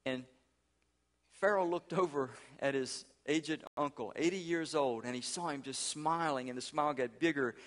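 A male senior pastor preaching a sermon in an earnest, emphatic way, reading quotations slowly and deliberately. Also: medium pitch, fairly bright tone.

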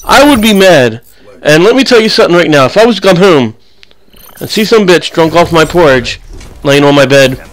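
A man's voice: a little high, expressive, fairly quick. A young man giving casual, rambling commentary over his own gameplay, full of crude jokes and banter. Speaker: gaming channel host.

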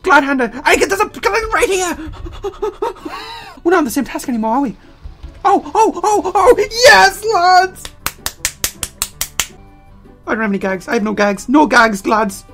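A woman giving excitable gameplay commentary as a let's player, full of sudden exclamations. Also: high voice, fast talker, hardly any pauses, faint music behind. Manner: excitable, frequent startled exclamations.

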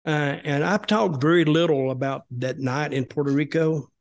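With a fairly high voice at a moderate pace, an older American former wrestler spins a long, casual story as a guest. His telling rambles and restarts, and he performs the voices of the people he quotes.

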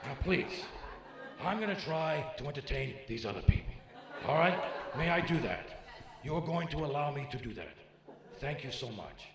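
A man doing a gravelly, snarling tough-guy star. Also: fairly high pitch, expressive, moderate pace, distant mic. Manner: abrasive, heckler-baiting, swears a lot. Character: gruff, profane male film-star comic, short-tempered. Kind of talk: live stand-up impression. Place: comedy club stage. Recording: echoey club with live crowd.

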